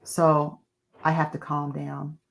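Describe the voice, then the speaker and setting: A woman guest on a podcast, telling candid stories with animated energy in casual chat. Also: low voice, takes it slowly, vocal fry.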